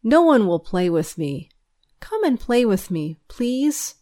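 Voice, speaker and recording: A lonely little girl with golden curls from a storybook, as a woman narrator puts her on. Her voice is high, soft and pleading. She speaks slowly, with a swinging, lively tune.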